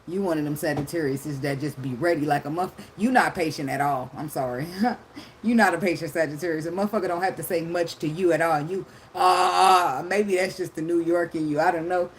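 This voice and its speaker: A woman's voice: sits low, fairly quick, a little hiss or hum. Blunt, profane woman tarot reader. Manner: blunt, profane, laughs often. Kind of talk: casual unscripted monologue.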